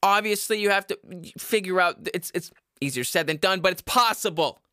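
Young male podcast host, loud ranting delivery, bright forceful tone, close dry mic. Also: high-pitched, moderate pace, clean tone, no room sound. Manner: loud and yelling, rambling. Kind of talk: ranting comedy monologue. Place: home basement. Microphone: studio microphone.

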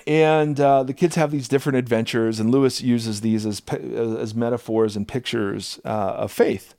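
A man co-hosting a faith podcast in casual chat, telling stories in a rambling, animated way with many restarts. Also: medium pitch, moderate pace, creaky, dry recording, clean studio sound. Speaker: podcast co-host and public speaker.

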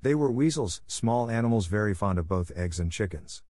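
A man with a low voice reads a children's classic aloud in scripted storybook narration. His delivery is steady and even, recorded close and dry with no room sound. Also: moderate pace, no echo. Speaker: audiobook narrator.

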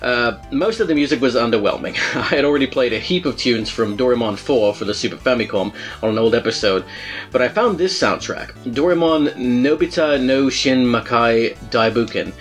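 A man's voice: medium pitch, animated, moderate pace, faint music behind, natural voice. A man reading out a listener's letter in a put-on Australian accent that keeps slipping toward English. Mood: playful. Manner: hammy, self-conscious put-on accent that drifts toward English.

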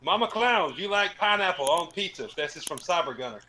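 High, bright man reading chat. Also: expressive, fairly quick, a little hiss or hum. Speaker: stream co-host reading chat. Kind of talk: casual chat.

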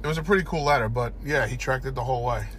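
A man's voice: medium pitch, rapid-fire, fairly bright tone, a little hiss or hum. Profane, rambling storyteller man. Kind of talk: casual storytelling chat.

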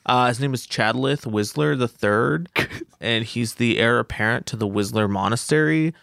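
A man's voice: mid-range voice, moderate pace, gravelly, a bit bright, no room sound, studio quality. A man, a tabletop game player, casually explaining his character, sheepish and laughing as he talks. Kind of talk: casual chat introducing a character.

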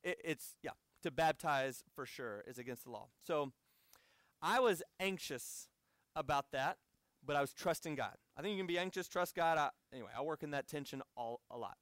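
High-voiced American man preaching. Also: expressive, moderate pace, a bit bright, no echo, clean studio sound. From United States. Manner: conversational storytelling with asides to the audience. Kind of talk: sermon.

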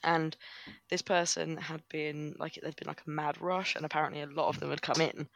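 A man co-hosting a podcast, chatting crudely with lots of "like" and quick reactions. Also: fairly high pitch, gravelly, pushed and bright, slight background noise. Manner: crude, reactive, says "like" a lot. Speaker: podcast co-host. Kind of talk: casual chat.

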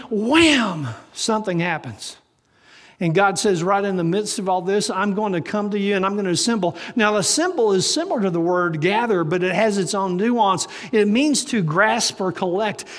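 A pastor preaching a sermon to a live congregation, asking the room rhetorical questions. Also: male voice, sits high, a bit bright, big-room sound. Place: church service with live congregation.

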